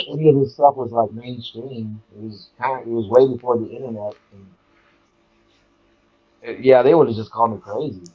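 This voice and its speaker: Man telling a story, animated delivery, jumps high for quotes, dull lo-fi sound. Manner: animated, acts out quotes with sudden pitch jumps. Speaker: guest. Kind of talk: casual storytelling interview. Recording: dull lo-fi audio.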